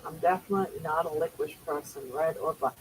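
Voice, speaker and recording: A woman's voice: low voice, steady tone, fast talker, slight background noise, low-quality recording. An older woman at home hosting a casual live chat, talking in a chatty, rambling way and often restarting her sentences. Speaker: livestream host.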